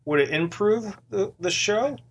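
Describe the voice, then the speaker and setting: A man's voice: high-pitched, animated, a little slow, breathy edge. A man co-hosting a podcast in casual chat, joking and laughing often. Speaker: podcast co-host.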